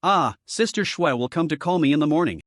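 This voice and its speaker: A man reading the lines of a shy young woman in love, in a soft, pleading way. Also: fairly high pitch, animated, brisk, no echo.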